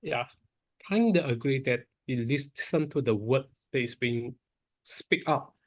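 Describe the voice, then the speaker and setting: A man's voice: mid-range voice, unhurried. Man moderating an online Q&A. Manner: reads out audience questions, plainly.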